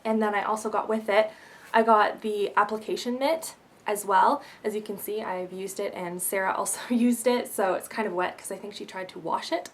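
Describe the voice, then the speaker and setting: A chatty young woman from Canada talks through a beauty haul for her vlog. She is bubbly and quick to tease herself, with a voice of ordinary middle pitch. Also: fairly even intonation. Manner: bubbly, chatty, self-mocking. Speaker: beauty vlogger.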